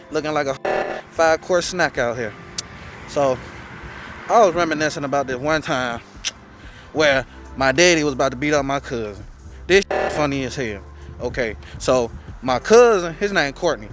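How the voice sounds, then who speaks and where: A man vlogging to camera, telling a story in a loose, profane, animated way and acting out quotes. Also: on the high side. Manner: profane, animated, acts out quotes in character voices. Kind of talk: casual storytelling.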